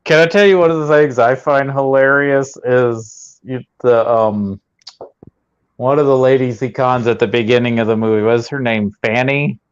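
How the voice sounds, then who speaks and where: A man's voice: mid-range voice, steady tone, normal speed, clean tone, muffled recording. A man co-hosting a movie podcast, joking with playful asides. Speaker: podcast co-host. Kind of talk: casual film discussion.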